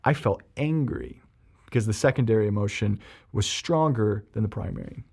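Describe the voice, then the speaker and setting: A man, a therapist, explaining emotions on a podcast and telling a personal story, animated and full of ums and restarts. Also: on the low side, normal speed, creaky, slightly rough.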